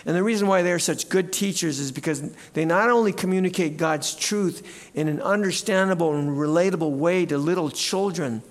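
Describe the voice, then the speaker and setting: A man preaching a sermon as pastor in a church, animated and at times shouting out cheers. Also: on the high side. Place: church sanctuary.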